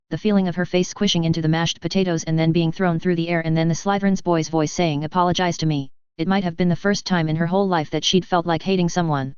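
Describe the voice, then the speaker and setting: A woman narrating a fan story audiobook in a steady, even manner. Her voice sits somewhat low and comes through very clear. The recording is dry with a slightly dull band. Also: no echo.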